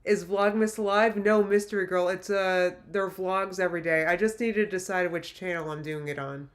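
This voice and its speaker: A woman's voice: fairly low pitch, steady tone, moderate pace. A woman in her late thirties chatting casually on a livestream, reading viewer comments in an emotional, rambling way with many restarts. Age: late 30s. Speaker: YouTuber livestream host.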